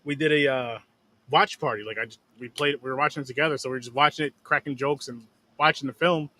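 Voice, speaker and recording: A man's voice: medium pitch, fairly even intonation, fast talker, pushed and bright. A man hosting a casual horror movie review show, rambling with restarts and swearing. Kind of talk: casual chat.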